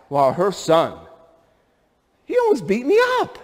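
Animated high-voiced preacher in a reverberant hall. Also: male voice, moderate pace, pauses often. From upstate New York. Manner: animated storytelling with rhetorical questions to the congregation. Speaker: pastor. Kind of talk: sermon. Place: church sanctuary. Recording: long church hall reverb.

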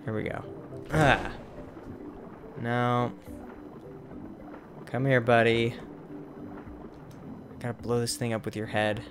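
Let's play host, male, mid-range voice, slow and exasperated, mild minced oaths. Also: mid-range voice, little pitch movement, music in the background. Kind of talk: casual gameplay commentary.

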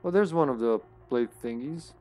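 A man streaming a horror game, talking casually to himself as he plays, often trailing off into quiet mutters. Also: mid-range voice, expressive, normal speed, soft background music. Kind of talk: casual gameplay commentary.

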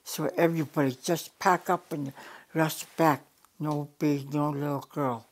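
A woman's voice: deep voice, fairly even intonation, a little slow. An older woman from the Yukon telling a traditional story at an easy pace, plain in her phrasing and often circling back to repeat and restart words. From Yukon, Canada. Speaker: elder storyteller. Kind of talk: oral storytelling.

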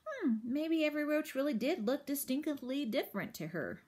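A woman, a teacher, reading a children's book aloud with expressive storytelling. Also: high-pitched, brisk.

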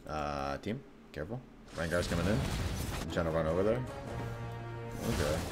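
A man giving live gameplay commentary, excitable and profane, breaking into sudden yells. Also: sits low, normal speed, loud music behind the voice. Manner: excitable, swearing, bursts into yelling. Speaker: gameplay streamer.

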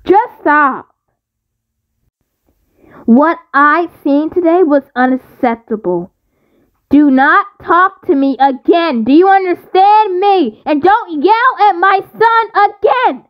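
A woman acts out an indignant mother in a homemade roleplay movie, high-pitched and slow-spoken as she scolds. The recording is dull and lo-fi, with faint music underneath. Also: animated. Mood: scolding. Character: angry protective mother, stern and indignant. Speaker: voice actor.

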